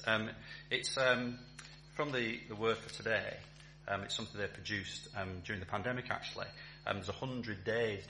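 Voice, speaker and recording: Man, church talk, bright forward tone, echoey hall with faint hum. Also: lowish voice. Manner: chatty and warm, with many ums and restarts. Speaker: visiting speaker, town centre chaplain.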